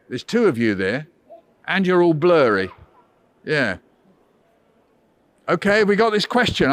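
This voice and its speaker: On a dry recording, a man with a fairly bright voice on the high side tells playful stories to children. He leads their school workshop over a video call and teases them with theatrical, mock-huffy flair.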